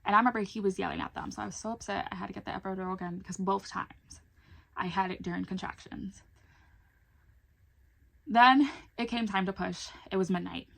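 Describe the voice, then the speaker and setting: A woman's voice: medium pitch, brisk, gravelly, long pauses, a bit bright. A young adult woman telling a personal story in a casual vlog, chatty and candid, swearing now and then. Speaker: vlogger.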